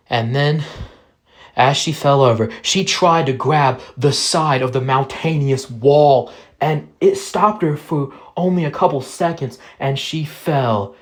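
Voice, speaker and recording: Slow, somber male storyteller. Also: medium pitch. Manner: slow, halting, somber narration. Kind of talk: first-person spoken story.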